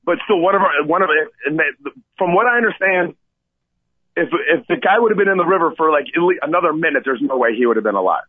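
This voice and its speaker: A man co-hosting a talk radio show, telling a rescue story in an animated way and often asking "okay?". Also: on the high side, fast talker, dry recording. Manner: excitable, repeats "okay?" and addresses Coach. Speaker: radio co-host and kayak tour operator. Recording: tinny phone-line sound, dry.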